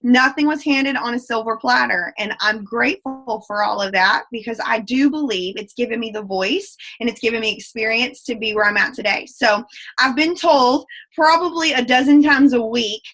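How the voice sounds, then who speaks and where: A woman in her twenties with a thick Southern accent, giving a fast, folksy and effusive motivational talk on a video call. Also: fairly high pitch, a bit bright. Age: 20s. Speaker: guest speaker.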